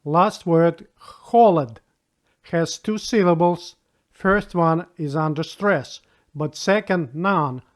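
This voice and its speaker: Slow, patient man teaching a language lesson. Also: a little high. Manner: patient, spells out rules and repeats example words.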